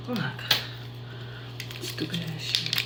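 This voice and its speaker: A woman's voice: lowish voice, lively intonation, extremely slow, reverberant, background noise. A stressed woman vlogging to her camera at home, swearing and dropping to a half whisper at times. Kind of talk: self-filmed home vlog.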